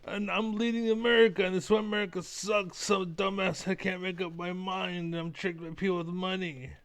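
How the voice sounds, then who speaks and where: A man voicing a whiny, dim-witted male opponent in a high, mocking, sing-song tone. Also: little pitch movement, normal speed, dry recording.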